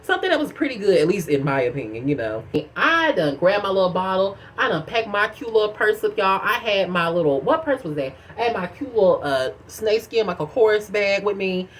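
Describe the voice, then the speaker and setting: A young woman vlogger telling a personal story to camera in a casual, chatty way, keeps calling the viewer girl and y'all, with dramatic swings of pitch and loudness. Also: sing-song, fairly quick, hardly any pauses, slight background noise.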